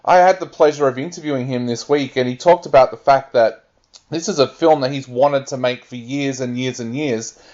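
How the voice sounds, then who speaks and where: A man's voice: mid-range voice, moderate pace, darkish tone. A man reviewing films on a radio panel, speaking frankly and conversationally. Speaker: film reviewer. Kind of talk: radio film review chat. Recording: dull lo-fi radio audio.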